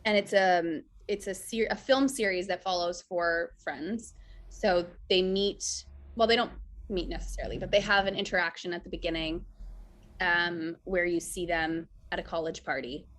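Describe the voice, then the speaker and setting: A woman's voice: lowish voice, moderate pace. A woman in a casual interview, telling stories animatedly, acting out quotes and saying "like" a lot. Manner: animated storyteller, acts out quotes, says "like" often. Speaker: actress guest.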